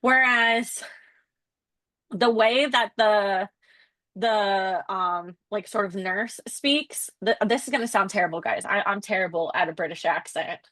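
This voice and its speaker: A woman's voice: mid-range voice, measured pace, bright, forceful tone, dry recording. A young woman leading a casual class discussion of a novel. She is chatty, fills her talk with "like" and laughs often. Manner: chatty, laughs often, addresses the group as guys. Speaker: student leading a book discussion.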